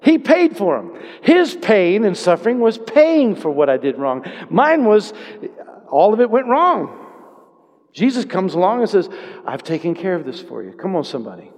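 Pastor, man, fairly high voice, impassioned sermon, long reverb of a church hall. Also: very animated, moderate pace. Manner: impassioned, building to loud exhortation; conversational, with repeated calls to the congregation. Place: church sanctuary.

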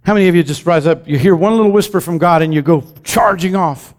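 A man's voice: on the high side, fast talker. A man preaching a sermon in a church, speaking conversationally and often putting questions to his congregation. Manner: conversational storytelling. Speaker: pastor. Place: church sanctuary. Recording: long reverb from a large hall.

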